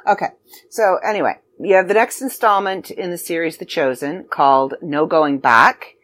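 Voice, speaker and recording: A woman whose voice is on the low side and slightly bright speaks at a normal speed. As podcast host and magazine contributor, she chats casually about the magazine, somewhat scattered and prone to ums and asides.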